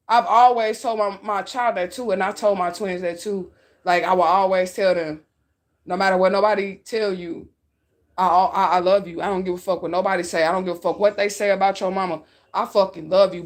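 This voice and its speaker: A woman telling her followers an emotional personal story, raw and outspoken, cursing freely, crying as she talks. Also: medium pitch. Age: adult. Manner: raw, outspoken, profane, tearful at times. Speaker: spiritual reader talking to her followers.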